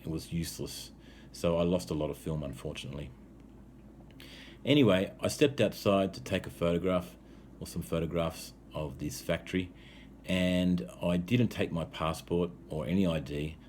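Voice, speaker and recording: A man with an Australian accent and a notably low voice tells a personal travel tale for English learners. He talks in a relaxed, easygoing way, often pausing on "um". Faint noise hums behind him. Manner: easygoing, frequent "um" fillers. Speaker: English teacher. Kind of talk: casual storytelling for language learners.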